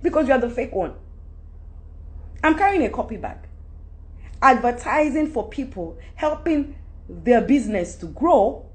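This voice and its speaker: A Nigerian woman in her forties holds forth on her own in a high voice. She talks with animated, emphatic energy. Her pitch swings widely as she jumps from one point to the next. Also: unhurried, long pauses. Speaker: actress giving advice. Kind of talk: casual monologue to camera.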